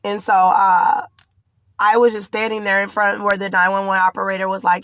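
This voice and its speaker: Scared pregnant woman rambling on, pretty monotone, dead dry sound. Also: mid-range voice, normal speed, dry recording. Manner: fearful, urgent, rambling. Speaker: vlogger. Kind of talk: distressed personal account to camera.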